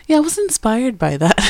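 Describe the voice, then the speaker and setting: A woman's voice: high voice, no echo. A woman chatting casually with fillers, then reading a romance story aloud. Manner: chatty, filler-heavy intro then steady narration. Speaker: fan fiction reader.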